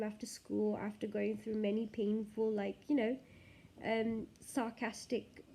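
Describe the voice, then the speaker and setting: A woman's voice: on the high side, dark tone. A woman vlogger talking casually to the camera in a chatty, rambling way.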